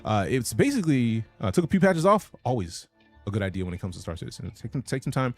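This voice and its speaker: A man's voice: mid-range voice, expressive, fast talker, faint music behind. A man streaming a game, chatting casually and profanely while reading out his chat. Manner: casual, profane, reads chat messages aloud.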